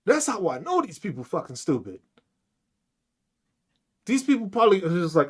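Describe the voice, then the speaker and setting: A podcast host ranting solo in a loose, profane monologue. He fires off mocking rhetorical questions, and his pitch swings widely from low grumbles to high jabs. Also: very animated, fairly quick, long pauses, slightly rough.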